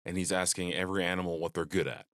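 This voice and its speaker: A man's voice: low voice, steady tone, racing, fairly bright tone, no room sound, clean studio sound. A man co-hosting a movie podcast, rambling with frequent restarts and casual swearing. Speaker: podcast co-host. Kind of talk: casual chat.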